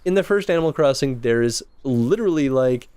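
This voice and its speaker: A man's voice: medium pitch, expressive, brisk, a little mellow, clean tone, no echo. A man co-hosting a casual let's play, chatting and explaining game design as he plays, laughing easily. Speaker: co-host.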